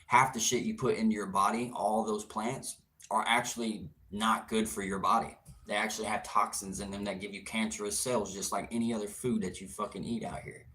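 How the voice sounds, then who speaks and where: A man's voice: lowish voice, fairly even intonation, fairly quick, sharp tone. Brash, teasing man hosting a livestream. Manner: brash, teasing and profane, with frequent laughter. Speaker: outdoors livestream host. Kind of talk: casual livestream chat, answering viewer comments.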